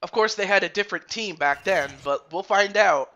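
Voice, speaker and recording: Bright-voiced man chatting through a live game stream. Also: high voice, normal speed. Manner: chatty, rambling, greets viewers by name. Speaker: streamer commentating a video game league. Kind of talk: casual live-stream commentary.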